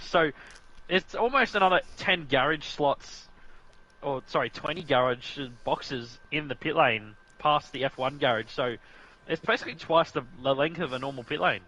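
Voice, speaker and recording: A man's voice: a little high, normal speed, bright, forceful tone, poor audio. A man commentating on an online racing league, chatty and jokey, often saying "mate". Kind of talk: casual sim racing commentary.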